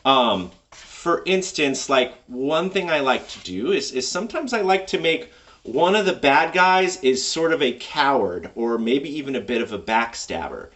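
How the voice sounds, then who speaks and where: Lively, rambling game master man. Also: medium pitch, a little slow, recorded from a distance. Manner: enthusiastic, rambling. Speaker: tabletop game master and video host. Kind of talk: casual advice monologue.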